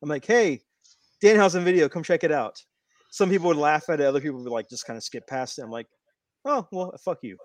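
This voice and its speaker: A man with a slightly high voice rambles through a long story on a casual podcast. He restarts his sentences often. The sound is close and dry, with no room around it. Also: fast talker, no room sound. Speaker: podcast co-host. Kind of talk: casual wrestling podcast chat.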